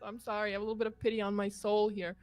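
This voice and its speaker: A Canadian woman co-casting a game stream, telling animated stories with frequent laughter. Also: medium pitch, faint music behind. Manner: animated storyteller, quick laughs. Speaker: esports caster. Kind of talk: casual stream chat.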